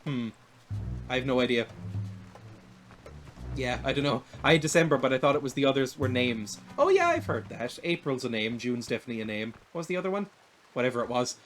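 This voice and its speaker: A man's voice: medium pitch, big pitch swings, brisk, soft background music. A man with an Irish accent, giving casual, rambling, self-deprecating commentary while streaming a video game. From Ireland. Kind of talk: casual let's-play commentary.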